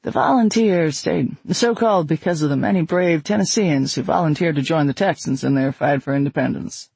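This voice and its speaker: A man's voice: fairly high pitch, brisk, creaky, a little mellow, slightly rough, dry recording. Man doing a stiff serious lecturer. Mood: formal. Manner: formal lecturing.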